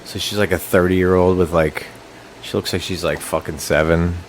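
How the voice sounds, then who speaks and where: Deep-voiced man rambling casually. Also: steady tone, normal speed, a little hiss or hum. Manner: loose, rambling, profane. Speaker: friend at the table. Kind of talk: casual chat over drinks.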